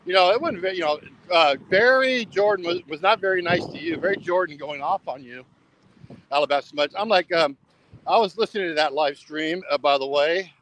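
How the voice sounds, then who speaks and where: A man's voice: a little high, brisk, fairly bright tone, a little hiss or hum, low-quality recording. A man rambling casually for a travel vlog while walking along a road at night, repeating himself and saying "bro" a lot. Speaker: travel vlogger.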